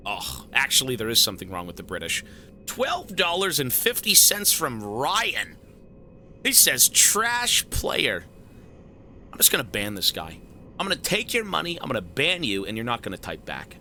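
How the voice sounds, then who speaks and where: A male streamer thanking donors and joking with his live chat in a profane, animated way. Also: medium pitch, slight background noise.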